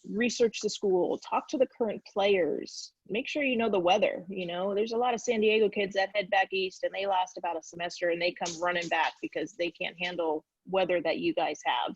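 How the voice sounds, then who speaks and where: A woman's voice: mid-range voice, moderate pace, slightly rough, no room sound. A woman from California talks on a video call as an interview guest. She tells stories with energy and acts out the voices of people she quotes. The audio is dull and dry, with no room sound. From California, USA. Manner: lively storyteller who acts out quoted dialogue. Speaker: guest, former soccer player. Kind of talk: casual storytelling in a video-call Q&A.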